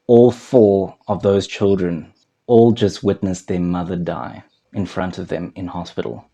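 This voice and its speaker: Low mellow guy counsellor talking to camera, chatty, keeps asking you questions. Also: moderate pace. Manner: conversational, asks the viewer questions, tells a story. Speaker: anger management counsellor. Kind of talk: direct-to-camera teaching talk.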